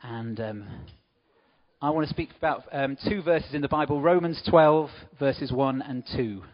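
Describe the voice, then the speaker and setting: A man's voice: mid-range voice, unhurried, dull audio. A man giving an informal church talk, chatting with asides to the congregation. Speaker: church speaker.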